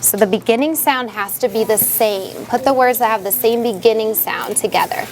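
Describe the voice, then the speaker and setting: A woman teacher in a classroom, patiently guiding young students and sounding out words slowly. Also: fairly high pitch, slight background noise.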